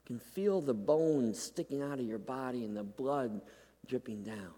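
A man's voice: medium pitch, normal speed, warm tone, long reverb tail. A man preaching a sermon, reading scripture aloud with earnest, dramatic emphasis before explaining it to his listeners.

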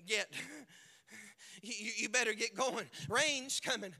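A male pastor preaching a sermon, swinging from hushed lines to shouted ones and acting out the people in his stories. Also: very high voice, normal speed. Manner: acts out quoted characters in the stories. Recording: long hall reverb.

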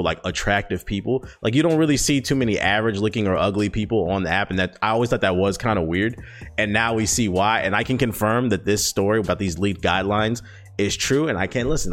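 An American man hosting a solo podcast, talking loosely with lots of fillers and swearing, swinging between excited bursts and low mutters. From United States. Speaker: podcast host. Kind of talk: casual solo podcast monologue.

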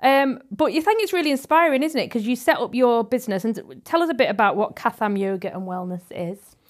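Woman, podcast host, chatty, laughs easily, somewhat high voice. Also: fairly quick. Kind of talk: casual chat. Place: living room at home.

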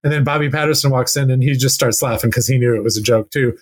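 A man telling a long music anecdote in casual chat, acting out quotes with lively restarts. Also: mid-range voice, fast talker, breathy edge. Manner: animated, acts out quotes with rambling restarts. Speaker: guest music expert. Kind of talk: casual storytelling.

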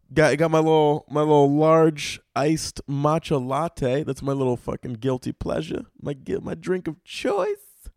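A man's voice: fairly high pitch, no echo, clean studio sound. A young man hosting a podcast alone, delivering a profane, exasperated comedic rant. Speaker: podcast host.

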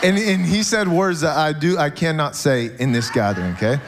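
A man preaching a sermon in church, animated and joking with the congregation, often checking in with "okay?". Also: on the high side, brisk, background noise. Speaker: pastor.

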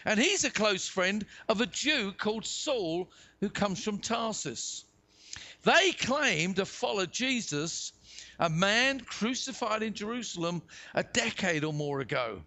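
High, lively British-raised pastor preaching. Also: male voice, unhurried. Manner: dramatic, acts out voices in the reading. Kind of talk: sermon with scripture reading. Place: church hall.

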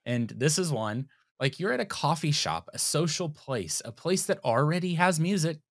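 Animated man joking on a podcast. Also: a little high, normal speed, no room sound, clean studio sound. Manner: animated and joking, swings up and down in delivery. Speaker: podcast co-host. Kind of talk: casual chat.

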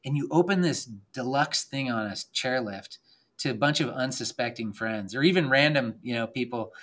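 A man chatting casually as a podcast guest, rambling and excited, filling his talk with "like". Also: medium pitch, normal speed. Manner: rambling, excited, heavy use of "like". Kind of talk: casual chat.

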